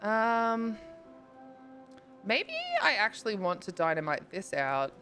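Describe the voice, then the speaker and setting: A young woman live-streams a game, chatting casually with viewers, thinking aloud, swearing offhandedly, and breaking into squeals. Her medium-pitched voice is animated but slow, heard over music.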